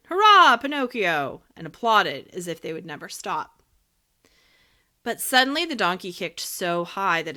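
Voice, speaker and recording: A woman's voice: on the low side, sharp tone. A woman narrating a classic children's story as an audiobook, reading expressively.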